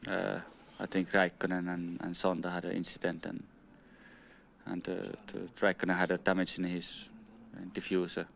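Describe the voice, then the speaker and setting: A man answers podium questions in broken English, often repeating himself. His voice is very deep and gravelly. He talks in a flat line, with faint noise behind him. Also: moderate pace. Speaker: racing driver. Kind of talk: post-race podium interview.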